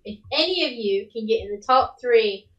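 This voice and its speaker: A woman's voice: on the high side, expressive, normal speed, fairly bright tone, lo-fi sound. A woman voicing a haughty, blunt female fae queen, her put-on accent wandering between Scottish, Swedish and English. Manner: blunt and crude. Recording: echoey room.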